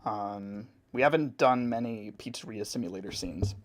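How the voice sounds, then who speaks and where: A man casually answering chat questions while drawing on a live stream, relaxed and chatty. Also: on the low side, normal speed.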